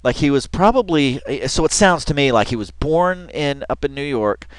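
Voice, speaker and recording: A man's voice: medium pitch, animated, moderate pace, smooth, dry recording. A man giving casual reaction commentary on a video, rambling and chatty with lots of fillers and restarts, often laughing as he talks. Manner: laughs often while talking.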